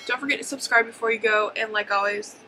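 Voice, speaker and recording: A woman's voice: a little high, fairly even intonation, fast talker, pushed and bright, faint music behind, poor audio. A woman in her twenties talking casually through a makeup tutorial, chatty and a little hyper, rambling with ums and likes. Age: 20s. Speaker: beauty vlogger.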